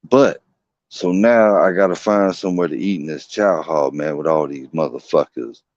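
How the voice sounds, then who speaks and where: A man's voice: rumbling low, moderate pace, a little mellow, dry recording. A man streaming from home, telling a long, rambling story in casual, slangy, profane talk. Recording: dull, dry lo-fi stream audio.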